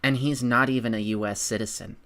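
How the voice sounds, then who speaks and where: A man's voice: medium pitch, fairly even intonation, a little fast, fairly bright tone. A man ranting in political commentary on a stream, sarcastic and swearing, mocking his opponents.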